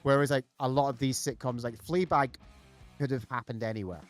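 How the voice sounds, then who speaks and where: A man chats as a podcast co-host. His talk rambles along with plenty of "like" and "um", with bursts of eager enthusiasm. His voice sits at an ordinary middle pitch, with faint music underneath. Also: steady tone, fairly quick. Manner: rambling, filler-heavy, enthusiastic. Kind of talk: casual chat.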